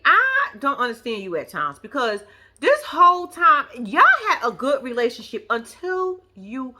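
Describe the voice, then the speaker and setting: A sassy woman recaps reality TV in a blunt, profane, animated way, talking straight to her viewers. Her voice sits fairly high and bright, with a lively pitch that swings up and down. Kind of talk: casual recap commentary.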